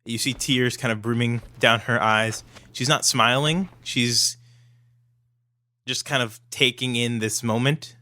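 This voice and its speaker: A man's voice: mid-range voice, fairly even intonation, measured pace, pushed and bright, a little hiss or hum. A man narrating a tabletop game as game master in a hesitant style with many fillers.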